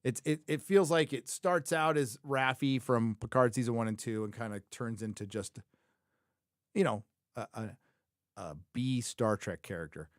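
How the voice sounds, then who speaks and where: A mid-range male voice, moderate in pace, hosts a live show reviewing a TV series in casual livestream commentary. The sound is clean studio quality with no echo. He's opinionated and rambling, thinking aloud, often correcting himself and repeating his own phrases for emphasis.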